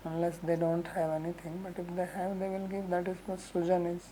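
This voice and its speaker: A woman who teaches scripture verses, explaining them slowly with homely examples and frequent "right?" asides. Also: lowish voice, monotone, dark tone, slight background noise, poor audio. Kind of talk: lecture on Sanskrit verses.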